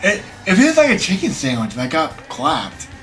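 A man's voice: on the high side, huge pitch swings, normal speed, fairly bright tone. Guy streaming and rambling, tired, trips over his words, voice jumps all over, faint music behind. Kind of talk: casual live-stream chat.

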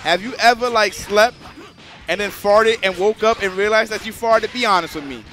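High bright guy streaming a fighting game, crude jokes, keeps talking to chat, faint music under him. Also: moderate pace. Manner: crude, joking, talks straight to the chat. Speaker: streamer and tournament commentator. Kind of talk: casual live-stream commentary.

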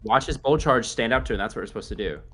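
A man's voice: medium pitch, racing, bright, forceful tone, soft background music. A man co-hosting a casual gaming stream, cheering his partner on, swearing and joking. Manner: rowdy, cheering, swearing, jokey. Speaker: co-host of a gaming podcast.

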